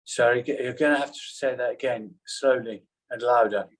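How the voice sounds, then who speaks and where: A man's voice: mid-range voice, steady tone, normal speed, poor audio. A man giving a talk to a class over a video call, chatty and apologetic, with rambling asides. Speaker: guest teacher on a video call.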